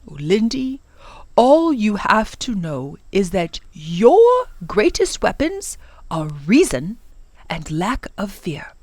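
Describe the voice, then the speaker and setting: A woman reading a storybook aloud, voicing a wise, kind older professor who reassures the children in a lively way. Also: mid-range voice, takes it slowly, no room sound. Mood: reassuring.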